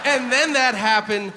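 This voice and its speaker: A man doing a stand-up set, telling stories with animated shouted voices. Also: very high voice. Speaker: stand-up comedian. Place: large venue with audience. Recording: live hall with crowd noise.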